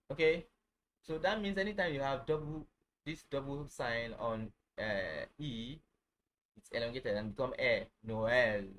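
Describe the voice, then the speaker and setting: A man giving an informal French lesson, repeating words slowly, checking that viewers follow, and correcting himself as he goes. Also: medium pitch, fairly bright tone, rough recording. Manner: restarts and self-corrects often. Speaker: French teacher.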